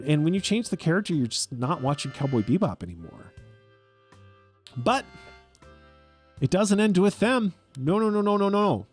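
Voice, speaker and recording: A young man with a fairly high voice rants through opinionated commentary. His pitch swings all over the place. He is sarcastic and profane, and faint music plays underneath. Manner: animated, profane and sarcastic, acts out quotes. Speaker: video essay host.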